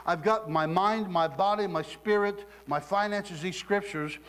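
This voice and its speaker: A middle-aged male preacher from Southeast Ohio delivers a sermon in a fairly high voice, acting out people's lines with animated storytelling. His voice rings with the long reverb of a big hall. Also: measured pace. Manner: animated storytelling with acted quotes and laughter.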